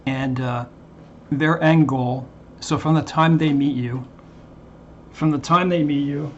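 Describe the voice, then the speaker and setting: A man talking earnestly to his viewers as a Christian channel host, in a halting way with frequent restarts. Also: on the high side, fairly even intonation, highs cut off, a little hiss or hum. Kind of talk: earnest casual monologue to viewers.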